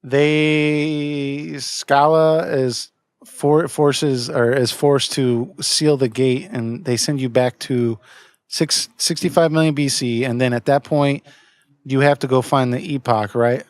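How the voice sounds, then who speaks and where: A man's voice: medium pitch, steady tone, slow pace, clear, resonant tone, no echo. Guy rambling about an old game, lots of ums, dry no-room sound. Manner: hesitant, many fillers and restarts. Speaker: podcast co-host. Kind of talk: casual game discussion.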